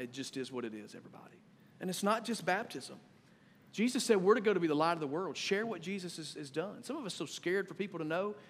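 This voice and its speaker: Man pastor, animated sermon, high voice, long church-hall reverb. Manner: animated and conversational, swings from loud to quiet. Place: church sanctuary.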